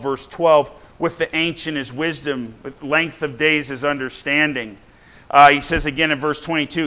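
A man with a medium-pitched, bright, forceful voice preaches in church while the congregation responds. He keeps it blunt and conversational, regularly checking in with his listeners through a repeated "right?".

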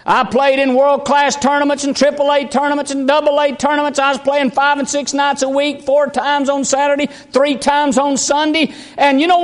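A man, preaching a fervent, folksy sermon as pastor. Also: very high voice. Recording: long hall reverb.

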